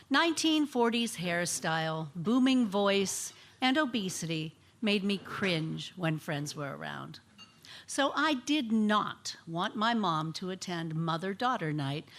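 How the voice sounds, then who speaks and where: A woman in her sixties reads a personal story aloud before a live audience. Her pitch rises and falls in a lively way, and she gives the quoted lines their own voices. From United States. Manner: expressive, acts out quoted voices. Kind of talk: reading a personal story on stage. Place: live venue on stage.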